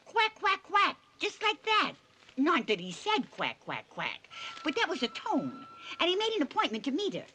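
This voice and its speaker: A nosy elderly neighbor woman chatters on in a high, bright, breathy voice that swoops up and down. She rambles in a conspiratorial tone. The old film dub has faint noise behind it. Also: wildly swooping pitch, normal speed, exaggerated voice. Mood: gossipy. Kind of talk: dubbed film dialogue. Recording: dubbed film audio with faint background noise.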